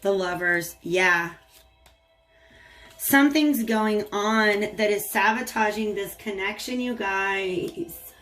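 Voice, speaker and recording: A woman's voice: mid-range voice, takes it slowly, fairly bright tone, faint music behind. A woman giving a casual tarot reading, chatting to viewers and talking to the cards as she goes. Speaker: tarot reader.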